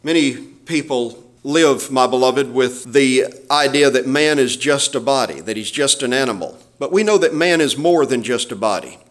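Man, pastor, sermon, emphatic measured delivery, mid pitch. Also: fairly bright tone. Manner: preaching with emphatic, measured phrasing and scripture quotes.

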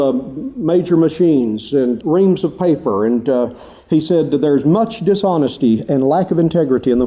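Mellow-voiced preacher man, animated storytelling. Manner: animated storytelling, rising pitch for emphasis. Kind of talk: sermon with storytelling.

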